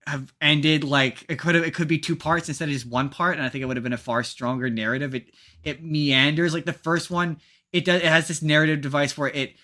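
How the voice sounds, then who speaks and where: A man's voice: a little high, steady tone, brisk, sharp tone. A man hosting a casual podcast chat, rambling and restarting his sentences. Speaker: podcast host.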